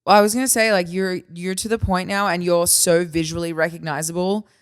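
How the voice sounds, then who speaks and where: A woman's voice: lowish voice, level tone, brisk, smooth. A woman guest on a podcast, talking bluntly in casual chat and swearing freely.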